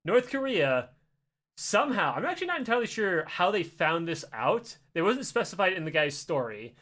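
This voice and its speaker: A man with a high, very lively voice tells a story on a podcast. He is excitable and swears freely, and he jumps into little acted bits along the way. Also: moderate pace. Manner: excitable, profane, acts out the story. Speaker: podcast co-host telling a story. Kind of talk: animated storytelling.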